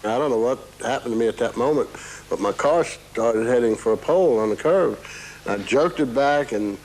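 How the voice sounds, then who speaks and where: Man, interviewee, mid-pitched voice, vivid recollection, faint room noise. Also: moderate pace, darkish tone, low-quality recording. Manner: vivid personal recounting with restarts.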